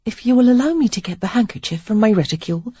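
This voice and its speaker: A woman reading an audiobook, voicing a timid, proper young lady of twenty-five who speaks tentatively and quietly. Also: a little high, animated, quick pace, husky, dry recording, highs cut off, pitched above the performer's own voice.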